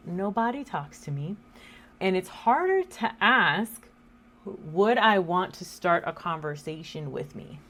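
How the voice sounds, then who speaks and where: A woman's voice: on the low side, a bit bright. A woman in her thirties hosting a casual faith talk, chatty and joking, quoting scripture. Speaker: host.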